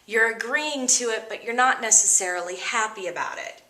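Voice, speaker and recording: Woman, teacher, vocabulary lesson, expressive, bright voice, roomy echo. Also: a little high, normal speed. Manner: expressive, upbeat explanations.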